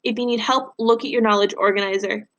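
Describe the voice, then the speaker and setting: A woman's voice: medium pitch, fast talker. A woman teacher reads a novel aloud to her students and then walks them through a question on the passage. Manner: plain, steady reading with instructions to students. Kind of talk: reading a novel aloud and giving a recorded lesson.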